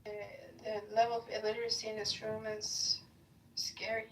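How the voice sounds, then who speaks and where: A woman's voice: a little high, completely flat delivery, moderate pace, fairly bright tone, slight background noise. A woman cursing and insulting others abrasively during a heated online argument. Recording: echoey, distant mic.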